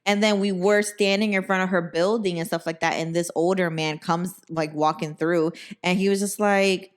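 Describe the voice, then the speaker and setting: A young woman hosting a podcast, telling a story in animated, profane casual chat and acting out the people in it. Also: fairly low pitch, normal speed, hardly any pauses. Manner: animated, profane, acts out quoted voices. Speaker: podcast host.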